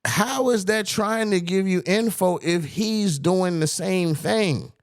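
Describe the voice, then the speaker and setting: A man co-hosting a casual podcast, arguing animatedly and breaking into quick impressions of people he quotes. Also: high voice, no room sound, studio quality. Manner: animated, argumentative, quotes others in put-on voices. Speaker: podcast co-host. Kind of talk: casual debate chat.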